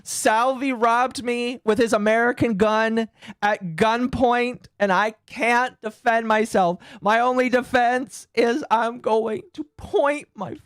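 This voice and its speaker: A woman voicing a whiny, self-pitying British man, drawn out slowly in a mocking whine. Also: a little high, dry recording, clean studio sound, pitched above the performer's own voice. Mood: whiny mockery.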